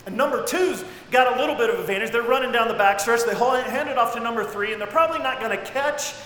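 A man preaching a sermon, swinging dramatically between near-shouts and hushed, low passages. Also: quick pace. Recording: echoey hall with faint noise.

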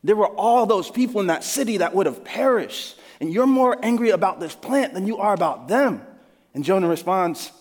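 Male pastor, high voice, earnest conversational sermon, big reverberant hall. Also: lively intonation, normal speed.

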